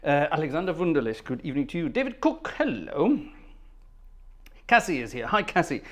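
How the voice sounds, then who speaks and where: A man's voice: fairly high pitch, sing-song, brisk. A man hosting a livestream organ concert, greeting viewers one by one in casual chat and humming between names. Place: at the organ console.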